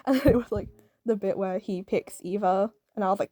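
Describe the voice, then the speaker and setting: Fast-talking British woman, chatty. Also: medium pitch, dark tone, no room sound. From Britain. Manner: rambling, peppered with "like" and "um", laughs often. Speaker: video reviewer. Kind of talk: casual chatty review.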